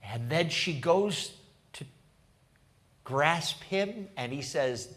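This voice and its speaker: A man preaching as a pastor. He tells the story dramatically, falls to a low hush and then rises to loud bursts, laughs often and speaks directly to the congregation. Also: lively intonation, very slow. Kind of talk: sermon.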